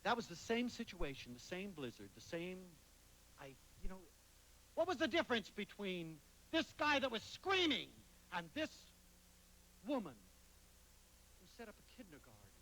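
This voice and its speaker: A man giving a motivational lecture, telling anecdotes dramatically with sudden swings between loud and soft. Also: sits high, very animated, moderate pace, poor audio. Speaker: motivational speaker.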